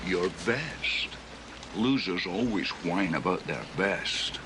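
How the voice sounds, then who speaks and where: Brief: a scornful Scottish ex-con, deep voice, unhurried menace, rain clattering behind in a film clip. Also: male voice, expressive, noisy background.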